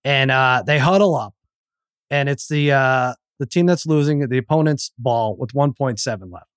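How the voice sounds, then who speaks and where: A man's voice: mid-range voice, normal speed, smooth, no room sound, clean studio sound. A middle-aged man telling a story in casual podcast chat, stammering and acting out the people he quotes. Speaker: podcast guest.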